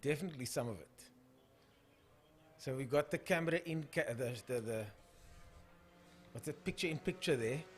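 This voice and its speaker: A man's voice: mid-range voice, normal speed, long pauses. A young man with a South African accent hosting a casual live stream of drag racing, calling the races and chatting through viewer comments.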